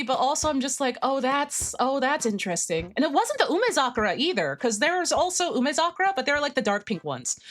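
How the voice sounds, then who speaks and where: A young woman streamer chatting casually with viewers, animated and slangy, swinging between excitement and deadpan. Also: high voice. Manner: slangy, lots of fillers. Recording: faint music behind the voice.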